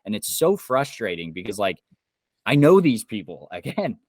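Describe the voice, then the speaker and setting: A man's voice: fairly low pitch, sing-song, normal speed, a little mellow, dry recording, clean studio sound. A young man from Indiana, co-hosting a podcast, ranting heatedly and swearing a lot. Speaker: podcast co-host. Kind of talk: casual podcast chat.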